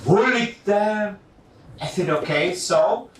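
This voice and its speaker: High-voiced man. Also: normal speed, slight background noise. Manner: animated storytelling, acts out dialogue. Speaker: workshop speaker. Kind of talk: motivational talk to parents. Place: school hall. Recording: echoey hall, mic from far off.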